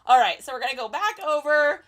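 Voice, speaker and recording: Brisk and animated, this woman's high-pitched voice has a bit of brightness to it. Live-streaming while she packs items for shipping, the reseller keeps up a chatty conversation with viewers and responds to what they write.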